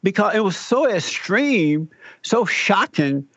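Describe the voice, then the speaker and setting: A high, slow, husky voice belongs to an older radio talk show host telling a personal story as a guest. He's an animated storyteller who acts out the quoted lines. The recording is muffled, with no room sound.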